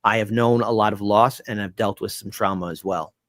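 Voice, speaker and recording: A man, a guest on a talk show, telling an emotional personal story in an earnest, halting way with many restarts. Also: lowish voice, fairly even intonation, fairly bright tone, no room sound, studio quality.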